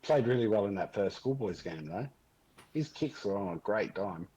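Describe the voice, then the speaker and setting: Husky, hesitant man. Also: on the low side, animated, moderate pace, dark tone, highs cut off. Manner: rambling, full of ums and hesitations. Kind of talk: casual chat.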